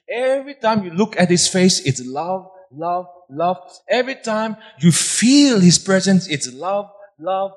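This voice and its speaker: Man, pastor, fervent sermon, repeats phrases, soft to loud, slightly high voice, long hall reverb. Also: very animated, normal speed. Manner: impassioned preaching, swinging from soft to loud, repeating phrases for emphasis.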